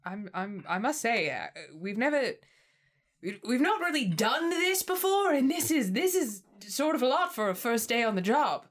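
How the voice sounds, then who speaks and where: A woman voices a prim, overly polite woman adventurer who speaks in a formal, flustered way. She pitches the character fairly high, above her own voice, delivering it very animatedly at a moderate pace.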